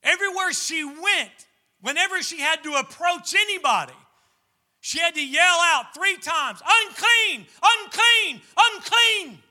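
High, bright-voiced fervent male preacher. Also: animated, moderate pace. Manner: fervent preaching, rising to shouts. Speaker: pastor. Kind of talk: sermon.

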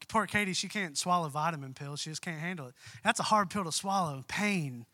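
A man's voice: on the high side, a little fast, bright, forceful tone, no room sound. A young man giving a conversational sermon as pastor in a church, folksy and full of asides. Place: church sanctuary.

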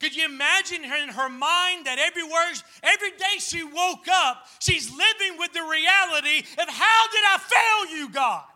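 A man preaching a sermon as pastor, fervent and rising at times to shouts. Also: very high voice, normal speed, hardly any pauses.

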